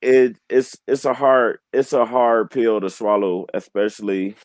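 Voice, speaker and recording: A man in his twenties speaking as a guest on a candid panel. He talks in an earnest, heartfelt way, often halting and restarting his sentences. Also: mid-range voice, a little mellow, no room sound, low-quality recording. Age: 20s. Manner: heartfelt, emotionally open.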